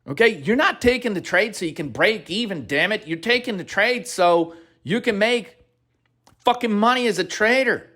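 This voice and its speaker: A man's voice: high voice, lively intonation, moderate pace. Swearing, aggressive male trading coach. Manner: aggressive, blunt, swears constantly; grows louder and more heated. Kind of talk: profane motivational rant.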